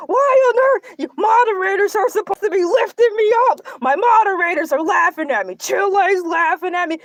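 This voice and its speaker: A woman's voice: very high-pitched, no room sound. A woman voicing a boastful, self-pitying male shark who hosts a comedic livestream and rambles through melodramatic complaints. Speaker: livestream show host in character. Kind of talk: comedic character livestream monologue.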